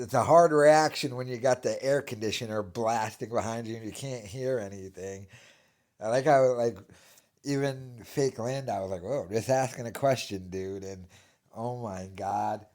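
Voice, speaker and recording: A man hosting a reaction video, ranting with scornful sarcasm. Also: mid-range voice. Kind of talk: reaction commentary.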